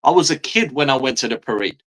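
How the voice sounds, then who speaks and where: A man in his thirties rants as a football fan streamer, swearing freely and repeating lines for emphasis. His voice sits at an ordinary middle pitch, and his tone stays exasperated and blunt throughout. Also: lively intonation, fast talker, fairly bright tone. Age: 30s. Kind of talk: angry fan rant.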